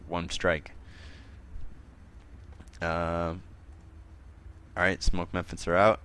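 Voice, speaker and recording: Deep-voiced man running a tabletop game. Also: little pitch movement, very slow, bright, forceful tone, clean tone. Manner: casual, laughing often, thinking aloud with fillers. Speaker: game master.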